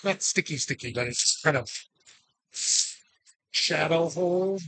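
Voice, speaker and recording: A man calling bingo numbers in a bar, drawing each number out slowly between joking asides to the players. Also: a little high, gravelly, fairly bright tone. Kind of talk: live bingo calling with banter.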